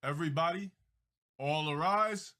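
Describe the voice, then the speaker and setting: A man's voice: fairly high pitch, measured pace, pushed and bright. A man livestreaming, making grandiose and self-important proclamations in a theatrical way.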